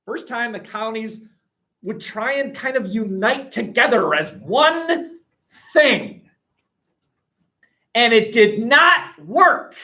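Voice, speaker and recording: A man teaching a history class, animated and joking, asking the room rhetorical questions, recorded on a classroom webcam. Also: very high-pitched, slow pace, long pauses. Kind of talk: classroom lecture.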